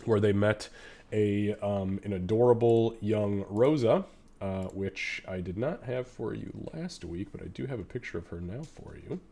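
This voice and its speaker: A man's voice: on the low side, a little slow, gravelly, mellow. Congested man running a game stream. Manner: loose, rambling, with fillers and swearing. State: nasal from a head cold. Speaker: game master. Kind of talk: casual live-stream chat.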